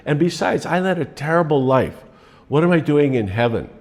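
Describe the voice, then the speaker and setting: A blunt, restless male bank robber, spoiled by endless winning, as a man acts him out. He talks a little higher and louder than the storyteller's own voice. His tone is plain and incredulous. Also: animated, moderate pace.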